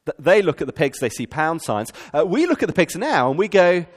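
A man preaching a sermon, animated and asking the congregation rhetorical questions. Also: high-pitched, fairly quick, hardly any pauses, in a large hall. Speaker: pastor.

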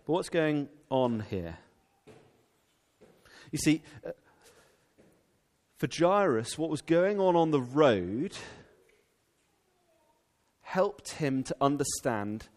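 A man delivers a sermon in a slightly raised voice, animated and prone to stumbling restarts. His voice rings out with a long reverb, as if in a large church hall. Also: on the high side, takes it slowly, pauses often. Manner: animated, with frequent fillers and restarts. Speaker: preacher.

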